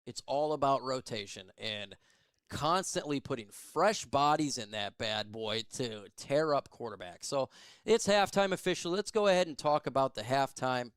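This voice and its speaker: A man doing live fan play-by-play of a football game, emotional and excitable, shouting on big plays and chatting with viewers. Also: medium pitch, normal speed, smooth, dry recording, studio quality.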